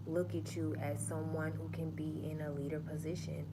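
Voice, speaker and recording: A woman's voice: low voice, moderate pace, hardly any pauses, background noise. Emphatic, profane woman livestreamer. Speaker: livestream host. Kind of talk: motivational livestream talk.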